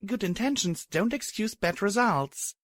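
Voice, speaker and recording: A man's voice: sits high, animated, a little slow, a bit bright, dry recording, studio quality, pitched above the performer's own voice. A man voicing a weary young mare pony in a fan audiobook, talking in tired, mumbling sighs.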